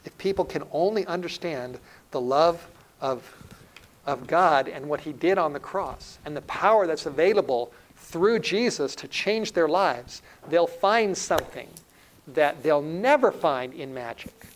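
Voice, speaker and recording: Earnest preacher man, rising and hushing. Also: on the high side, lively intonation, a little slow, poor audio. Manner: earnest, swells loud then drops to a hushed tone. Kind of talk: sermon.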